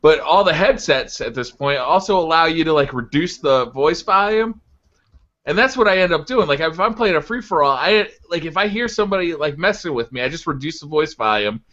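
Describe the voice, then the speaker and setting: Brief: male podcast co-host, slightly high voice, relaxed and matter-of-fact, dull lo-fi call sound. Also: fairly quick. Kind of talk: casual chat.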